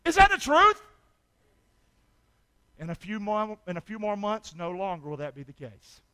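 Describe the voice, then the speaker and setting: A man preaching a sermon as pastor, calling for amens and swinging from loud shouts to hushed asides. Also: high-pitched, huge pitch swings, normal speed.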